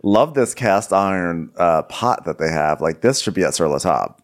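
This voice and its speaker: A man co-hosting a casual recap chat in a fairly low voice. His intonation rises and falls a lot as he teases and mimics characters. He sounds wry and amused. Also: animated, moderate pace. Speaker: podcast co-host.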